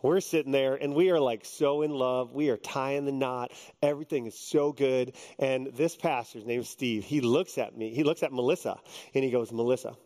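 A man's voice: mid-range voice, normal speed, darkish tone, in a large hall. A man in his fifties, a pastor preaching a sermon in a joking, conversational way. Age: 50s.

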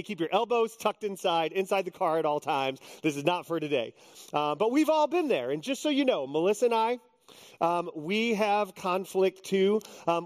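Man, fifties, pastor preaching, joking conversational delivery, higher voice, echoing hall. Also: darkish tone. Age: 50s. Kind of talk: sermon.

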